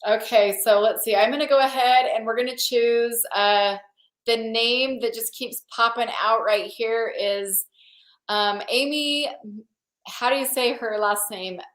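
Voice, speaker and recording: A woman's voice: a little high, measured pace, a bit bright, roomy sound, poor audio. A woman hosting a video call, chatting casually and with enthusiasm. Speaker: host.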